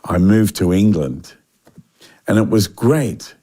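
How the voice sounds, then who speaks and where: A man's voice: on the low side, takes it slowly. Older Australian man telling road stories. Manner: animated storyteller, acts out quoted voices, frequent restarts. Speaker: guest musician. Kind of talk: relaxed storytelling interview.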